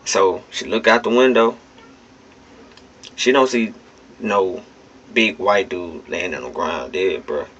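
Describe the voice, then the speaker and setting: Fairly low-pitched and sharp in tone, a man vlogs directly to his audience, casual and blunt, emphatic, swearing now and then. There's slight background noise, and the phone mic yields a dull lo-fi recording.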